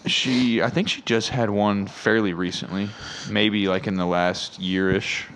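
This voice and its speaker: A man's voice: lowish voice, fairly even intonation, unhurried, a bit bright, slight background noise, poor audio. A man co-hosting a podcast in casual, crude banter. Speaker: podcast co-host. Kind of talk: casual chat.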